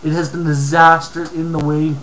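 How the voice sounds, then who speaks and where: A man's voice: on the high side, flat delivery, a little fast, a bit bright, low-quality recording. A man from Canada ranting angrily on a home vlog, reading comments aloud with lots of profanity and mumbled asides. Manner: angry, profane, heated rant with mumbled asides. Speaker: vlogger.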